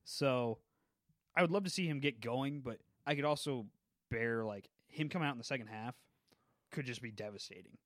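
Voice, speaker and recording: A man with an ordinary mid-range voice, chatting earnestly as a podcast co-host. He speaks in quick bursts, with fillers between them. The recording is dry and close, with no room echo. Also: mid-range voice, a bit bright. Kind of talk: casual chat.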